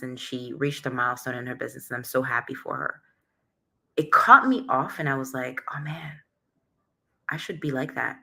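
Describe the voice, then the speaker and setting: A woman's voice: sits low, sharp tone. A woman hosting a casual motivational livestream, talking openly and emotionally and greeting viewers by name. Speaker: livestream host.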